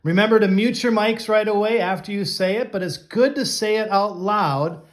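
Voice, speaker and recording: A man teaching an online class, coaching students and drawing out each vocabulary word slowly and clearly. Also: sits high.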